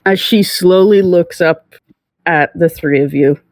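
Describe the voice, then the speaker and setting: A woman playing a tabletop role-playing game, narrating her character's actions slowly and deliberately. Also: fairly low pitch, a little mellow, no room sound, rough recording. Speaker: player.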